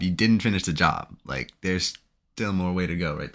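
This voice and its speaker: A man with a somewhat low voice talks through his trades live as he makes them. His commentary is anxious and emotional, and he keeps talking to himself. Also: moderate pace, a bit bright. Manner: anxious, emotional self-talk. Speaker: day trader streaming his trading.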